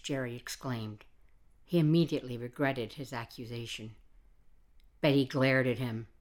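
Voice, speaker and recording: Low-voiced woman narrating an audiobook. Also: normal speed, long pauses. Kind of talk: scripted narration.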